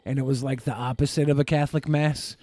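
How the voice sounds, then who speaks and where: A man's voice: medium pitch, fairly even intonation, quick pace, mellow, no room sound. Man, podcast co-host, casual crude banter, mocking, dry close recording.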